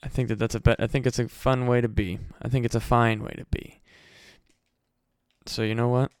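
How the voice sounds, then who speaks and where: A man's voice: medium pitch, level tone, a little fast, clean tone, no echo. A tired man from the Midwest rambling casually and profanely as a solo podcast host. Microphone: home podcast mic.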